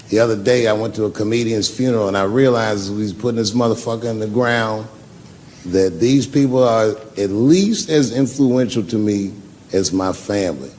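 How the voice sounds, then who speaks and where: A man's voice: on the low side, a little mellow, slight background noise. A man doing a stand-up set at a comedy club, telling stories in a laid-back, profane way. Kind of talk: stand-up set with crowd work.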